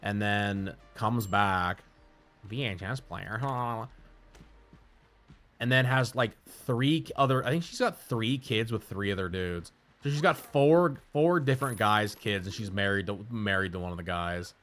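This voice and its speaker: A male streamer with a lowish voice rambles through crude stories between chat asides. He talks in a loose, profane, casual way. Faint music plays behind him. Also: a little slow, fairly bright tone.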